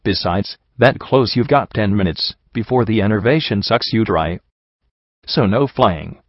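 A man's voice: lowish voice, expressive, unhurried, no room sound. A man voicing a tough, bossy female pony riverboat captain who bluntly lays down the rules, on a dull, dry recording. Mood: stern.

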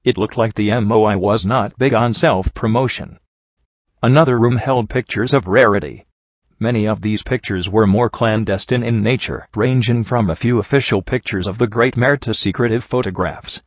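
A man with a lowish voice narrates a story in the first person, steady and measured. The recording is dry and a little dull, with no room sound. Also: no room sound. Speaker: audiobook narrator.

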